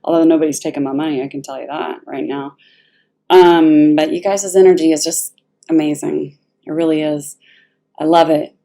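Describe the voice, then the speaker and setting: Low mellow-voiced woman reading tarot. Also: moderate pace, vocal fry. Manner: expressive, emphatic, talks straight to the viewer. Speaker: tarot reader.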